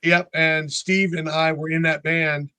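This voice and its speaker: Smooth, fairly high-pitched and measured, the voice belongs to a North Carolina man in his sixties who plays in a band. In a casual interview he spins stories with animation, acting out each person's voice, and the recording is dry.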